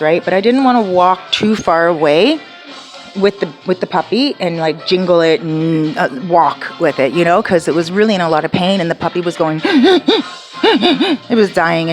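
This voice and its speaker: A woman vlogging from home near her garden, telling an emotional story casually, full of quoted dialogue and fillers. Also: fairly low pitch.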